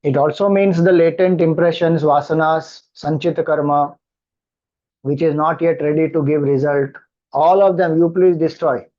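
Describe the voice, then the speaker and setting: A spiritual teacher with an Indian English accent gives a scripture discourse in a slightly high, warm, steady voice, patient throughout. He chants mantras slowly, then explains them phrase by phrase at an unhurried pace. The recording is dull and lo-fi.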